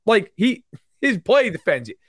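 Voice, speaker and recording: A man co-hosting a sports podcast in casual chat, animated, acting out fans in loud mock voices. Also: high-pitched, a little slow, breathy edge, dry recording, studio quality. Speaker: podcast co-host.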